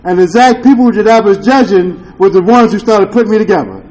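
A man with a notably high voice shares a candid testimony at a recovery meeting. He talks in loose street slang, swears freely, and keeps checking in with "you dig?" His tone is earnest and confessional. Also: animated, quick pace, darkish tone, slight background noise, poor audio. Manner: earnest and confessional, with rueful laughs. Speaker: speaker sharing at a recovery meeting.

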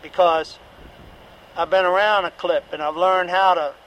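A man's voice: high voice, steady tone, unhurried, a bit bright, slight background noise, rough recording. A middle-aged man giving a candid, repetitive personal testimony at a recovery meeting, with occasional profanity.

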